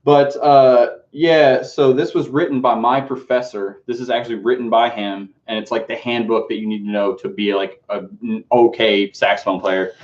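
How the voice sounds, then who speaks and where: A man's voice: medium pitch, steady tone, moderate pace, hardly any pauses, darkish tone. Casting: male streamer, casual rambling chat, freely profane, dull lo-fi audio. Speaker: streamer unboxing his music books.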